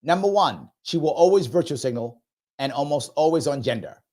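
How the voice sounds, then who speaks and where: A man's voice: fairly high pitch, animated, brisk, a little mellow. A man hosting a live reaction show who comments in an emphatic, sarcastic and mocking way. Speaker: host of a political commentary show.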